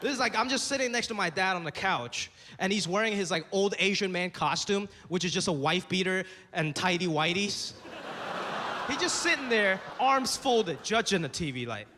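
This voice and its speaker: A man's voice: sits high, animated, moderate pace. A man performing a stand-up comedy set on stage, acting out the voices of his parents and other people. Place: comedy stage before a live audience. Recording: live hall with long reverb, audience noise.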